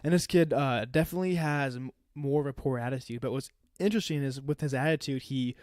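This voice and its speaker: Laughing as he goes, a twentysomething podcast co-host and youth leader rambles through a story in casual chat, leaning heavily on "like." His medium-pitched voice is fast and darkish, recorded dry at studio quality.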